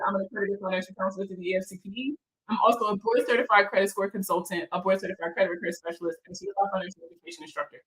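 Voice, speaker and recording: A woman hosts a relaxed livestream chat in a bright, forceful voice. She talks in loose slang with plenty of swearing and laughs often. She reads out viewer comments and answers them. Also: fairly high pitch, slight background noise, rough recording. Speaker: financial counselor hosting a live chat.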